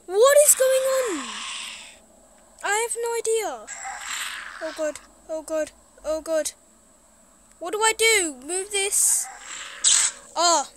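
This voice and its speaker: A woman's voice: very high voice, lively intonation, slow, pauses often, background noise. A woman playing a horror game, jittery and talking to herself as she goes. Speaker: gaming streamer. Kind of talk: horror game let's play.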